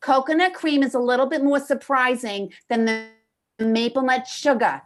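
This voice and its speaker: A woman's voice: sits high, fairly even intonation, moderate pace, soft background music, voice pushed up, close to an everyday voice. A woman doing an impression of a chatty female food vlogger from Staten Island, with a Staten Island accent and a brassy, gushing delivery.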